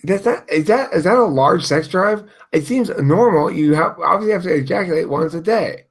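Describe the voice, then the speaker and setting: A man's voice: high-pitched, animated, normal speed, slightly rough. A man in casual chat, talking bluntly and crudely, with emphatic, opinionated delivery.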